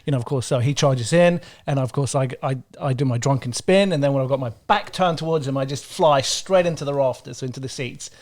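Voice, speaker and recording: A man's voice: mid-range voice, brisk, few pauses, a little mellow. A man as a podcast guest, chatting casually and joking at his own expense. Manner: jokey, self-mocking. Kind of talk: casual chat.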